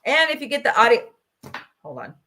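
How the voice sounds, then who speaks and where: A woman's voice: fairly high pitch, sing-song, brisk, pushed and bright. Emotional woman venting on a livestream. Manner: emotional, venting, tearful at times. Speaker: podcast host. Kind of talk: casual livestream chat. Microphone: laptop microphone.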